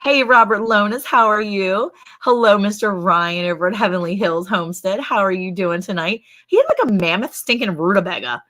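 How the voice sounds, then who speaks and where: A woman's voice: medium pitch, animated, moderate pace, hardly any pauses, sharp tone. A woman in her thirties hosting a casual ranch livestream, chatty and laughing often as she greets viewers by name. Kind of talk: casual live-stream chat.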